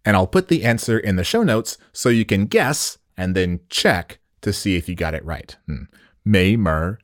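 A man's voice: low voice, expressive, moderate pace, no echo, clean studio sound. A man whose first language is English, hosting a solo podcast lesson on Mandarin slang in a playful, chatty way with jokes and rhetorical questions.

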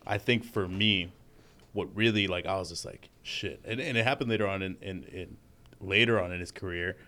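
A man's voice: deep voice, moderate pace, pushed and bright. A man in a casual podcast chat, talking loosely and emphatically and swearing freely.

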